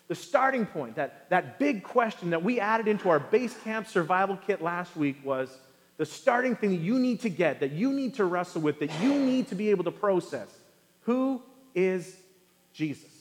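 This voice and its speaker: Man, pastor, high voice, animated sermon, acts out voices, long hall reverb.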